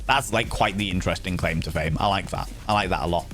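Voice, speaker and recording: A man's voice: deep voice, fast talker, a bit bright, faint music behind. A man streaming live and chatting casually, playfully teasing and greeting his viewers by name.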